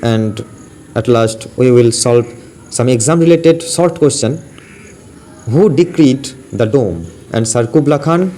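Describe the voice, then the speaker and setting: A man with an Indian English accent teaching an exam-prep lesson, asking each question and then repeating its answer in a steady drill. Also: mid-range voice, slow pace. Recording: faint background noise.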